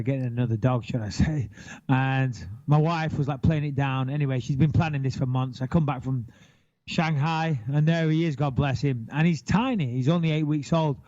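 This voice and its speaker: A man in his thirties chatting casually as a podcast co-host, blunt and animated, with plenty of swearing. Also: medium pitch, normal speed, lo-fi sound. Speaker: podcast co-host, retired fighter. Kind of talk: casual chat.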